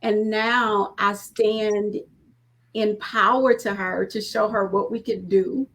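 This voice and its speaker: A woman's voice: mid-range voice, fairly even intonation, slow, a bit bright. A woman in her thirties, a small business owner, talking earnestly in a casual panel conversation from her home studio over a video call. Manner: earnest, rambling with fillers. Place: home studio, former bedroom.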